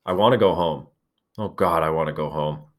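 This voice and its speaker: A haunted boy leader who speaks low and strained, with his voice pushed up only slightly, as a man reads him aloud. He sounds shaken and brooding and keeps his words heavy. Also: a little fast. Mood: stricken. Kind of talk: reading a novel aloud with voices.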